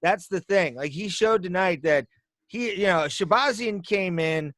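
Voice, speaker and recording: A man with a slightly high voice co-hosting a casual podcast, recorded close and dry. He talks in a playful, joking way and breaks into goofy asides and hype lines. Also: unhurried, fairly bright tone, dry recording. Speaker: podcast co-host. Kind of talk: casual chat.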